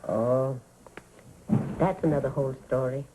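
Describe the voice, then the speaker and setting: A woman's voice: extremely low pitch, measured pace, dark tone, slight background noise, rough recording. A woman playing an elderly woman who tells a childhood tale to children in a radio drama, talking fondly and vividly, sighing as she goes. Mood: warm reminiscing. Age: older. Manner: fond, vivid storytelling with sighs. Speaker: storyteller.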